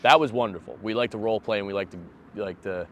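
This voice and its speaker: Deadpan man with a low voice. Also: fast talker, slight background noise. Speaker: podcast host. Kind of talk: casual comedic chat.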